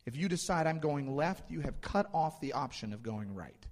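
A man's voice: fairly high pitch, lively intonation, normal speed. Man preaching in a reverberant hall. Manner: dynamic, swings between loud emphasis and hushed asides. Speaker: pastor. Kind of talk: sermon.

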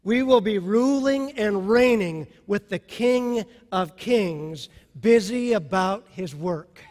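Impassioned high-voiced male pastor preaching. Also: lively intonation, takes it slowly, long reverb tail. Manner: impassioned preaching that swings from soft to loud. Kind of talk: sermon.

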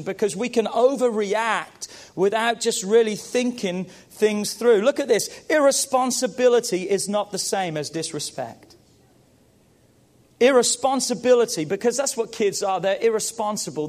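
A man's voice: high voice, moderate pace. A middle-aged man preaching a sermon to parents, emphatic, repeating phrases and calling out to the congregation. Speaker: pastor.

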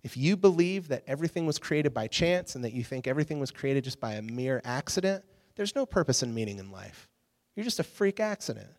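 A man giving a casual sermon, telling a story with lively acted-out quotes to a youth audience. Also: mid-range voice, brisk. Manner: animated storyteller, acts out quotes. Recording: long hall reverb.

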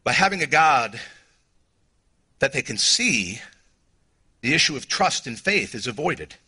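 A middle-aged man with a Southern US accent preaching a sermon as pastor, emotional, swinging from quiet, low passages to near shouting. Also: big pitch swings, unhurried, breathy edge.

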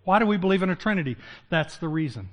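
Older pastor preaching, high-pitched man. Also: lively intonation, quick pace. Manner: conversational, jokes with the congregation; swings from loud emphatic to low hushed. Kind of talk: sermon.

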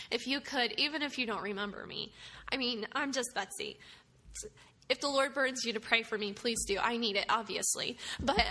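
A woman from the United States, a missionary speaker, giving an earnest, emotional personal testimony with soft laughs. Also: a little high. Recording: long hall reverb, faint ambience.

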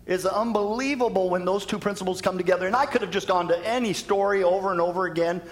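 Male pastor, storytelling sermon delivery, a touch high-pitched, reverberant hall sound. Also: fast. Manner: storytelling, acts out quoted voices with laughs.

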